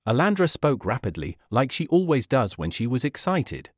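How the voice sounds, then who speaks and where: A man narrating a first-person story in a very animated, expressive way. His voice sits at a middling pitch but swings widely. The recording is very dry and close. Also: moderate pace, hardly any pauses, no room sound.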